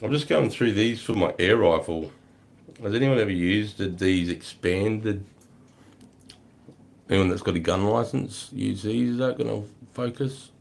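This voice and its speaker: An Australian man hosting a casual livestream, greeting viewers and chatting with a relaxed, swearing, matey manner. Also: lowish voice, a little slow, gravelly. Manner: swears freely, laid-back, greets chatters as mate and brother. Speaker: livestream host. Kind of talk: casual livestream chat reading comments.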